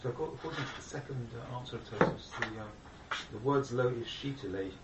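Halting man asking from across the room. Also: mid-range voice. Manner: hesitant, halting questions with fillers. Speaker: class participant. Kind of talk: questioning in a class. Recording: roomy, distant from the mic with faint noise.

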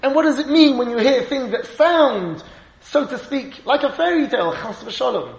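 A man giving a Torah lecture, emphatic and animated, laughing often and mixing in Hebrew and Yiddish terms. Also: extremely high pitch, normal speed, vocal fry, roomy sound, rough recording. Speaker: rabbi giving a shiur.

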